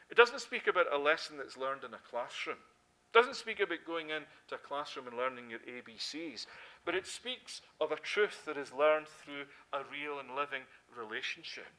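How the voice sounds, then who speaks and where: A man's voice: on the high side, lively intonation, moderate pace, bright, forceful tone. A middle-aged Scottish man preaching a sermon, emphatic, who asks questions and answers them himself. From Scotland.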